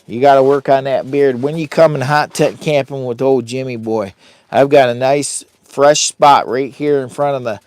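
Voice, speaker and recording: A man's voice: medium pitch, steady tone, moderate pace, a little mellow, dry recording. Rambling, chatty man livestreaming from a tent. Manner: chatty, hypes viewers to like and share. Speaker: vlogger livestreaming from a camping trip. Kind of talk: rambling casual live-stream chat. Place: inside a heated tent at a campsite. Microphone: phone.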